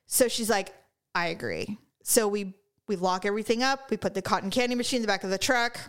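A middle-aged woman from California tells a story in relaxed conversation. Her voice sits at an ordinary middle pitch, and she swears freely as she talks. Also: fairly quick, clear, resonant tone. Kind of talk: casual chat.

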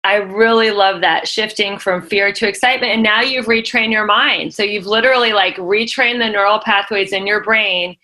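A woman's voice: medium pitch, fairly even intonation, moderate pace, few pauses, bright, forceful tone. A woman hosting a podcast interview, affirming her guest and encouraging listeners. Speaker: podcast host. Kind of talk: interview chat.

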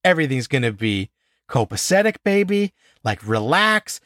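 A man's voice: mid-range voice, sing-song, moderate pace, a bit bright, dry recording, voice pushed down. A man voicing a swaggering, laid-back young man who drawls and swears as he tells everyone to relax.

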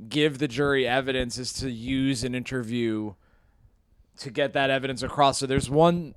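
Smooth-voiced young man, rambling podcast banter. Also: medium pitch, no room sound. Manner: jokey, rambling storytelling. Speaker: podcast co-host. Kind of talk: casual comedy podcast chat.

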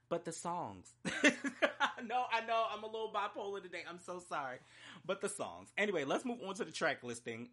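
A man's voice: fairly high pitch, bright, forceful tone. A man reviewing an album in an unscripted, emotional rant, talking in a profane, heated and emphatic way. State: choked up. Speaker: music reviewer.

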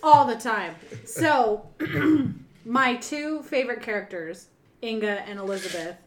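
A woman co-hosting a podcast, telling stories with animated excitement and swearing freely. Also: fairly high pitch, a little slow. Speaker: podcast co-host. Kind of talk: casual chat. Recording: roomy echo.

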